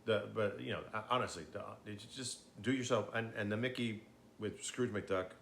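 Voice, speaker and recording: A man's voice: lowish voice, normal speed, vocal fry, a bit bright, a little hiss or hum. A man chatting casually and a bit tipsily, rambling with frequent swearing, fillers and restarts. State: tipsy. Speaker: host.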